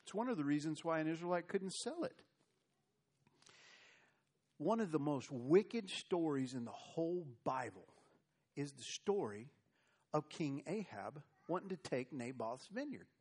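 A man's voice: a little high, expressive, a little slow, pauses often, darkish tone, slightly rough. An American man preaching a sermon, telling Bible stories in a folksy, conversational way. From United States. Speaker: pastor.

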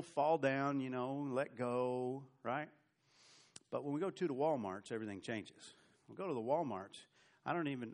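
A middle-aged man preaching a sermon with animated swings between loud and soft, with humorous asides. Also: medium pitch. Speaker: pastor.

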